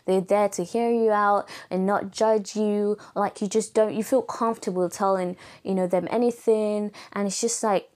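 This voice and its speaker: A young woman talks through her own podcast in a loose, chatty way. Her voice has gone raspy, and she keeps it light and playful, with plenty of fillers and laughs. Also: mid-range voice, fairly even intonation, moderate pace, hardly any pauses, a little mellow. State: voice going raspy. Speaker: podcast host. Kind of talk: casual solo podcast chat.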